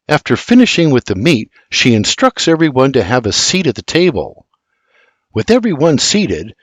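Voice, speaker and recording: An older man reading a historical storybook in a measured narration. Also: mid-range voice, slightly rough, dry recording. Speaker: audiobook narrator.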